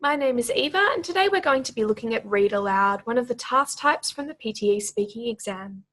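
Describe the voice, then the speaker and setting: A woman tutoring for a speaking exam, who slows down to stretch out words syllable by syllable when she models their pronunciation. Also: fairly high pitch, lively intonation, a bit bright.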